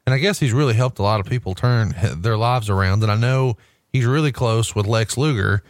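A man's voice: mid-range voice, fairly quick, dry recording. A man in a casual podcast chat, blunt and cursing freely as he banters. His voice sits in a middle range, and the sound is dry and close. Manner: blunt, profane, animated banter. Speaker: podcast co-host.

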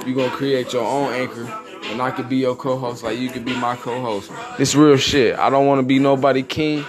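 A man hosting a casual livestream chat, loud and laughing as he hypes his guest. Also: medium pitch. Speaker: host. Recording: music playing behind.

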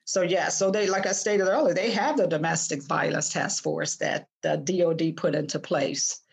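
Earnest older woman, halting speech. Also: low voice, gravelly. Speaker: interview guest, author. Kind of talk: podcast interview.

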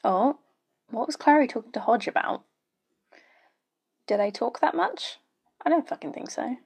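A woman's voice: fairly high pitch, lively intonation, normal speed, gravelly, a little mellow, slightly rough. A young woman giving casual, blunt, sweary reaction commentary while watching a show. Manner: blunt, sweary, chatty asides. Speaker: YouTube reaction host.

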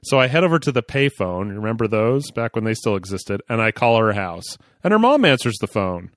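A man's voice: on the low side, fairly quick, no room sound, clean studio sound. A man from Oklahoma hosting a podcast, chatting casually and reading a listener's letter aloud with chuckles. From Oklahoma, USA. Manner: lively, chuckling reader. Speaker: podcast host.

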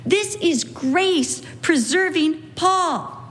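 High-voiced woman teaching from the Bible. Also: animated, drawn-out words, fairly bright tone. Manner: earnest, repetitive emphasis, acts out quoted lines.

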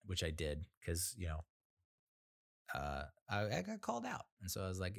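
A man's voice: deep voice, huge pitch swings, moderate pace, creaky, pauses often, no echo, studio quality. A man telling a rambling, profane, self-mocking story in casual talk.

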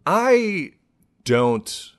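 A man hosting a casual comedy podcast, playful and quick to laugh while reading out stories. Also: fairly high pitch, very animated. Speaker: podcast host.

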